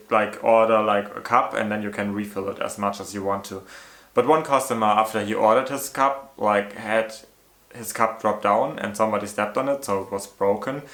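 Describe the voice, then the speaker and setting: A man's voice: lowish voice, fairly bright tone. Chatty man in a roomy echo. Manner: chatty, many "like" fillers, exasperated retelling. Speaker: storyteller. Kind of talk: casual storytime vlog.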